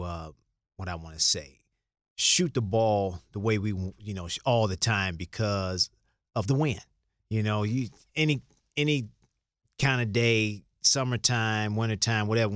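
A middle-aged former basketball player, appearing as an interview guest, tells rambling stories in a low voice, repeating words and laughing as he goes. It's a casual storytelling interview, recorded in studio quality with no room sound.

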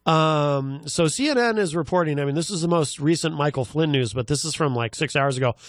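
A man's voice: fairly high pitch, fairly quick, dry recording, studio quality. A man hosting a talk show, goading his guest with casual comedic banter and playful slang.

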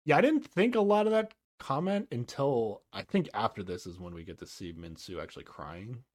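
A man's voice: medium pitch, animated, moderate pace. A young man co-hosting a podcast, chatting casually about a TV show, laughing often and hedging as he talks. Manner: laughs often, hedges with "like" and "I don't know". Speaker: podcast co-host. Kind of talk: casual recap chat.

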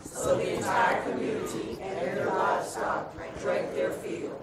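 A congregation member reading scripture aloud in a steady manner in a church. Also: mid-range voice, a little slow, some chatter behind. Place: church sanctuary. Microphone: far from the mic. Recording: echoey church from far off.

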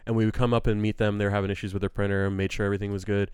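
A man telling stories in a loose, joking chat, swearing freely. His voice is smooth and clear. The sound is dry and close. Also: on the low side, level tone, racing, darkish tone, no echo. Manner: profane, joking storyteller. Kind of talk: casual chat.

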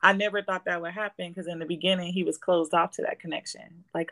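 Low-voiced woman talking things through. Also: steady tone, fast talker, bright, forceful tone, poor audio. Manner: reflective, explanatory storytelling. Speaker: guest. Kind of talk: casual conversation.

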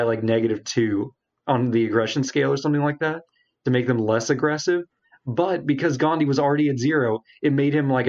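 A man's voice: medium pitch, darkish tone. A man co-hosting a casual gaming podcast, telling a long game story in a rambling way. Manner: rambling storyteller, acts out game characters in quotes. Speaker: podcast co-host. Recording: dull lo-fi sound.

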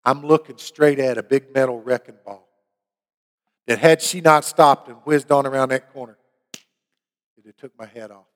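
A man's voice: mid-range voice, fairly even intonation, normal speed, pauses often, long reverb tail. A middle-aged man preaching a sermon, telling a personal story in an earnest way and rising to emphatic preaching. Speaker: pastor.

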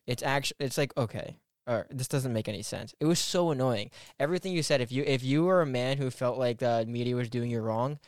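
A man's voice: mid-range voice, a little fast, hardly any pauses, no room sound, clean studio sound. A man co-hosting a podcast, exasperated and swearing in casual chat. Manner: exasperated, swearing, laughing often. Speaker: podcast co-host.

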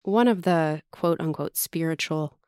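Chatty, smooth-voiced woman podcaster. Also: deep voice, darkish tone, dry recording, studio quality. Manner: chatty, self-deprecating, quick to laugh at herself. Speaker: podcast host. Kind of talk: casual monologue.

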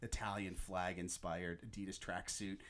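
A man hosting a podcast, chatting casually and excitedly about a movie, often quoting its lines. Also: low voice, moderate pace. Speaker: podcast host.

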